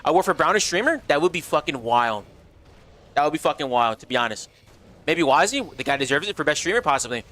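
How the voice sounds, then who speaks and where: A man's voice: fairly high pitch, fast. A young man hosting a casual livestream, chatting in slang, reading viewer messages aloud and answering them with big swings in energy. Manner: animated, slangy, reads chat aloud. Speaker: streamer.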